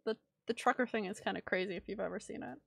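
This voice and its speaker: A woman's voice: mid-range voice, quick pace, vocal fry, fairly bright tone, dry recording. A woman from Canada streaming a game, reading its text aloud and adding wry, joking asides. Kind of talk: casual let's-play commentary, reading game text aloud.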